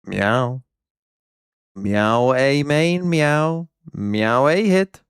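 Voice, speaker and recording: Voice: medium pitch, lively intonation, extremely slow, clean tone, dry recording, clean studio sound, pitched below the performer's own voice. A streamer putting on a cat, meowing between short callouts of the game. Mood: playful. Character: cat calling out plays.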